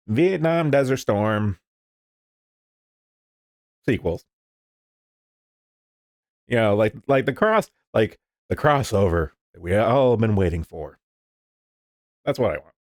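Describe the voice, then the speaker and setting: A man's voice: lowish voice, no echo, clean studio sound. A man casually commenting on the news, rambling and swearing, with lots of fillers. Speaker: streamer reading the news.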